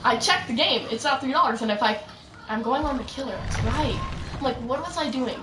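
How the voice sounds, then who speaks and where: A young woman rambling through casual commentary while she plays a game, chatty and full of quick asides. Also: a little high, far from the mic. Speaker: gaming streamer. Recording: roomy echo, voice set back from mic, faint music.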